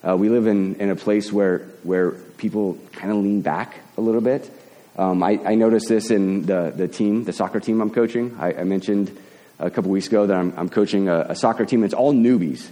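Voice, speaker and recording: A man preaching a sermon as pastor, talking in a halting way and often repeating words as he builds a point. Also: fairly low pitch, dark tone, long reverb tail.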